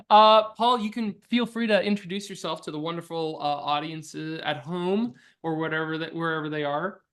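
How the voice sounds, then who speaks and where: A man's voice: on the high side, moderate pace, a bit bright. A man hosting as game master, upbeat and chatty, with plenty of "uh" fillers. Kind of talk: casual chat hosting a tabletop game.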